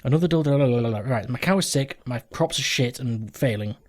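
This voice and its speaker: A man's voice: mid-range voice, expressive, normal speed, hardly any pauses. A man hosting a let's play from home, rambling through game commentary, joking and swearing casually as he goes.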